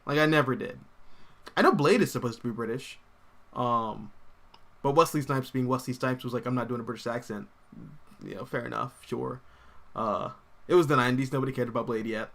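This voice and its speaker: A man's voice: mid-range voice, fairly quick, creaky. A young man hosting a casual comics livestream, rambling animatedly and reading viewer comments aloud. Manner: rambling and animated, full of fillers and laughs.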